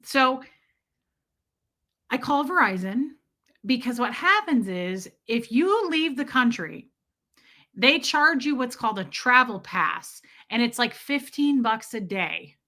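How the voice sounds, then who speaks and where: A woman hosting a livestream rants casually to her audience in a bright, forceful, expressive voice pitched a little high. She tells stories quickly and chattily, full of restarts and filler "like"s.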